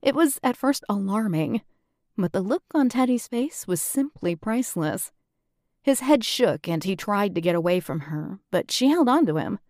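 A woman narrating a first-person audiobook in a steady, matter-of-fact way. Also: mid-range voice, dry recording, clean studio sound.

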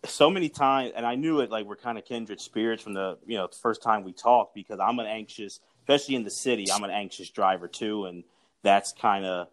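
A man with a lowish voice hosting a relaxed chat. He speaks in an easygoing, slightly halting way and pokes fun at himself. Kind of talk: casual conversation.

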